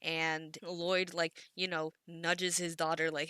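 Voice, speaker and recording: A woman with a lowish voice that still has a bright, forceful edge, chatting through an episode recap. She rambles, giggles often and stumbles over restarts and stutters. The recording is dry and close. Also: little pitch movement, slow, smooth, no echo. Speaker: anime commentary creator. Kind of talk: casual recap commentary.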